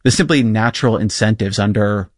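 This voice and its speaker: Measured low-voiced male interviewer. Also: dry recording, studio quality. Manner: measured, analytical, long framed questions. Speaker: interviewer, podcast host. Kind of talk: probing interview questions.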